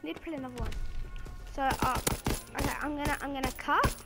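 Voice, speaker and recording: A woman commentating her own gameplay, excitable, with playful trash talk and sudden outbursts, game music and gunfire behind. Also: sits high, brisk. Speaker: gaming video creator.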